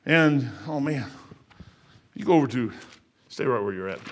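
Preaching at normal speed, a middle-aged man with an expressive, medium-pitched voice delivers a folksy, emphatic sermon, repeating phrases and moving from raised passages to quiet asides. A little hiss or hum is audible.

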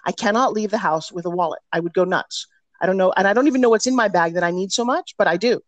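Guesting on a casual interview, this middle-aged personal development teacher tells stories energetically and emphatically. She has a medium pitch and talks fast, and the recording has no room sound and cut-off highs.

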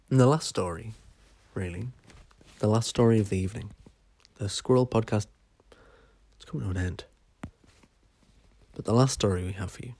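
A man's voice: lowish voice, darkish tone, no room sound. A man hosting a podcast, telling a story in a chatty, sweary way. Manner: chatty, sweary, says "right?" often. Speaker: podcast host. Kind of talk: casual storytelling.

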